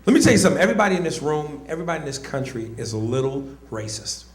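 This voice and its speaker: A man doing a stand-up comedy set, loud and animated, with profane, punchy crowd address and bursts of shouted grunting noises. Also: on the high side, very fast, few pauses. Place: comedy club stage. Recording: echoey club with audience ambience.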